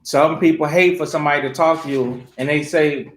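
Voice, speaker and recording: High-voiced man preaching in an echoey room. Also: fairly even intonation, brisk. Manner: emphatic, rhetorical questions, repeats phrases. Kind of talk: preaching scripture study. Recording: roomy echo.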